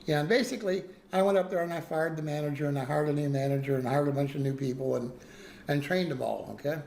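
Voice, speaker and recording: Speaking quickly with vocal fry, a man whose voice sits on the high side and sounds a bit mellow tells his chat a story. It's casual and rambling, full of restarts and frequent "okay?" tag questions, over slight background noise.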